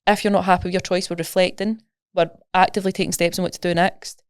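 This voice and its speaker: A woman's voice: lowish voice, little pitch movement, fast talker, no room sound, studio quality. A woman with a Scottish accent, a coach talking casually and animatedly in a podcast interview, explaining with everyday examples. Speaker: nutrition coach, guest.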